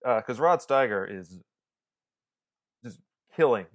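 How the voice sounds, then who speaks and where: A man's voice: mid-range voice, lively intonation, slow. A man co-hosting a film podcast, chatting casually and animatedly, with many restarts and some swearing. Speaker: podcast co-host. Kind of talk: casual film review chat.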